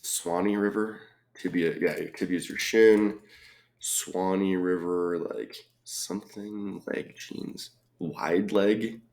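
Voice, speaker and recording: A man solving a crossword puzzle aloud, reading clues and thinking out loud with frequent ums and muttered asides. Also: low voice, steady tone, slow pace. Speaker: crossword reviewer.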